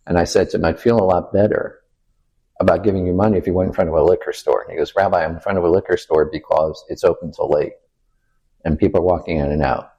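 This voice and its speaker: An older man, a rabbi, telling stories in a relaxed interview, quoting people and asking rhetorical questions. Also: low voice, fast, slightly rough, highs cut off. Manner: animated anecdote-teller who quotes people and asks rhetorical questions. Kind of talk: storytelling in a casual interview.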